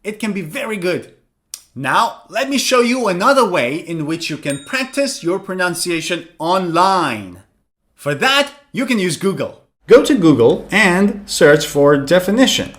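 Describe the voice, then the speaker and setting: A man teaching English pronunciation in an online lesson, explaining clearly and sounding out words slowly to demonstrate. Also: high voice, sing-song, fairly bright tone.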